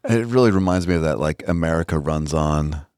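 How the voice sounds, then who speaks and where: A man's voice: extremely low pitch, brisk, a little mellow, clean tone, dry recording, clean studio sound. A man co-hosting a podcast, chatting casually and joking while he walks through the news at length. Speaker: podcast co-host. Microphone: studio microphone, on camera.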